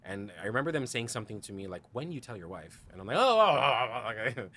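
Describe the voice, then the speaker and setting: Low-voiced man telling his story. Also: animated, fast, fairly bright tone, slight background noise. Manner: quotes others in dialogue, frequent "like" and "you know"; laughs often while telling the story. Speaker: podcast guest. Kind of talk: candid personal storytelling.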